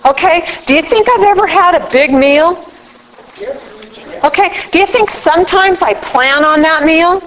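A woman speaking casually at a recovery meeting, animated and acting out little quoted voices as she explains. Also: very high-pitched, a little slow, rough recording. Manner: animated, acts out quotes with props. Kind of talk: casual workshop talk.

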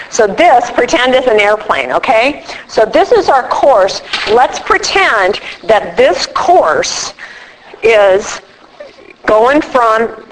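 A woman speaking casually at a recovery meeting, animated and acting out little quoted voices as she explains. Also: mid-range voice, a little hiss or hum, low-quality recording. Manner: animated, acts out quotes with props. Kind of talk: casual workshop talk.

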